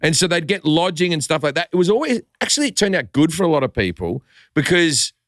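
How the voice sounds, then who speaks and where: Australian comic, middle-aged man, lively pitch, dry close mic, animated swearing storyteller. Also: fast talker, no room sound. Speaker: comedian guest. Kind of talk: casual podcast chat.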